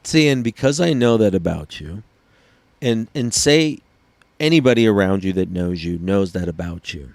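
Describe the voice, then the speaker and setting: A man with a lowish voice talks through his ideas in an earnest, explaining way. It is a relaxed podcast conversation, and the sound is dry and close with no room around it. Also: normal speed, no echo. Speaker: podcast co-host. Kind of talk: casual podcast chat.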